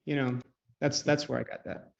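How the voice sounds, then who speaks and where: A man coaching traders on a live online call, chatty and often clearing his throat. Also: medium pitch, flat delivery, normal speed. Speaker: trading coach. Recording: dull lo-fi call audio.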